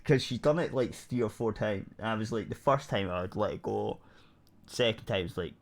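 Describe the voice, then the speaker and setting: A man with a fairly low voice chats casually on a podcast. He rambles through a gaming story, often restarting his sentences and dropping casual swear words. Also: brisk, gravelly. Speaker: podcast co-host. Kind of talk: casual chat.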